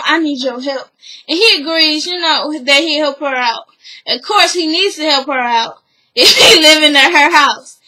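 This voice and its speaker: Brief: a woman vlogger with a high, bright voice, talking through a show recap in a chatty, opinionated, gossipy way. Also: poor audio. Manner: chatty, opinionated, full of "you know" fillers.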